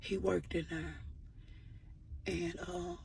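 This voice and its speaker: Woman, very gravelly voice, slow unhurried delivery, earnest personal storytelling vlog. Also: fairly low pitch, level tone, darkish tone, a little hiss or hum. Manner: earnest, repeats "I said" while retelling; religious encouragement. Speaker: vlogger.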